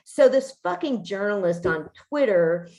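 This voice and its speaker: A woman's voice: medium pitch, expressive, unhurried, warm tone. A woman hosting a podcast in casual chat, ranting indignantly with frequent swearing and restarts. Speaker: podcast host.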